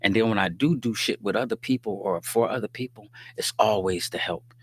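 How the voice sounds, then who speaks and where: Man, lowish voice, livestream host, casual faith talk, streetwise slang, preachy, conversational. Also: fairly quick, husky. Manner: conversational and preachy, often asks "you dig what I'm saying"; streetwise slang, joking asides with laughter. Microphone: livestream microphone.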